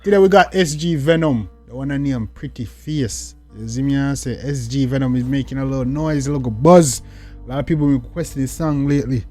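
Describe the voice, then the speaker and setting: His voice is medium-pitched, warm and fairly quick: a young Jamaican-accented man giving casual reaction commentary on music. Talkative and slangy, he loops catchphrases such as "you see me" and "dog" and lets out sudden exclamations while faint music plays.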